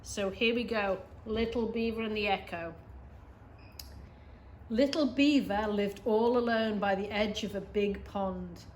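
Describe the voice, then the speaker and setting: Expressive middle-aged woman reading aloud. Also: mid-range voice, measured pace, a little hiss or hum. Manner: expressive, gasps, asides to young listeners. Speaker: reader for schoolchildren. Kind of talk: picture-book read-aloud.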